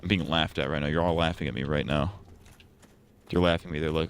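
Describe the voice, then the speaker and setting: A man's voice: very deep voice, quick pace, smooth. A man streaming a game live, rambling through jokes and poking fun at himself. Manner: rambling, joking, self-mocking. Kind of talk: casual live-stream gaming commentary.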